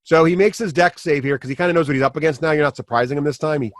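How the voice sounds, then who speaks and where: A man narrating as dungeon master, describing the action with lively sound effects. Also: on the high side, racing, no echo. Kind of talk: narrating a tabletop game.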